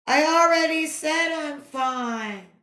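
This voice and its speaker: A woman voicing the valley's echo as a boy's high, slow, drawn-out calls repeated back. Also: animated, sharp tone, heavily acted. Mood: mimicking. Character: echo from across the valley, boyish. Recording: roomy echo.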